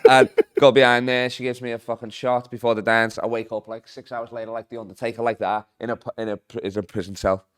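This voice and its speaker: Fast-talking Liverpool man, smooth voice. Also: mid-range voice, little pitch movement, dry recording, clean studio sound. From Liverpool, England. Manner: rambling, swears a lot, laughs at his own stories. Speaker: guest comedian. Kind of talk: casual podcast chat.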